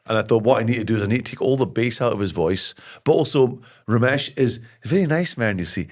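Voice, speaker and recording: A middle-aged Scottish man, a podcast guest, telling lively anecdotes and jokes in casual conversation. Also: mid-range voice, fast talker, hardly any pauses. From Scotland. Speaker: podcast guest, comedy writer and actor. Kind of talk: casual interview chat.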